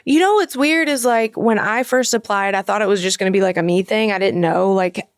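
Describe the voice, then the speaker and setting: A woman's voice: mid-range voice, fairly quick, no room sound, studio quality. A woman guest on a podcast, talking casually and acting out the voices of people in her stories. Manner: animated, acts out quoted voices in storytelling. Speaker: podcast guest, actress and makeup artist. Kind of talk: casual chat.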